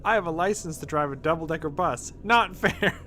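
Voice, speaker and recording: Guy doing a high loud flustered hero for a text game, keys clacking softly behind. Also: fast talker, slight background noise, lightly acted. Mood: giddy. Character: flustered, excitable grown man, the player's hero.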